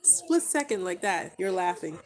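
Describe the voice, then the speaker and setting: A tired mother chatting casually on her vlog while soothing her baby, talking to him in a gentle sing-song way. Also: on the low side, animated, a little slow. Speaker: mother vlogger.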